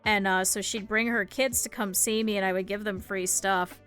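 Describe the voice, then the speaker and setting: A woman's voice: medium pitch, fairly even intonation, normal speed, a bit bright, soft background music. A young adult woman from the American Midwest, streaming and chatting casually while crafting, telling rambling, laugh-filled stories full of swearing and fillers. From Cleveland area, United States. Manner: rambling anecdotal storytelling with lots of swearing and laughter; many fillers and restarts, voices others in her quotes.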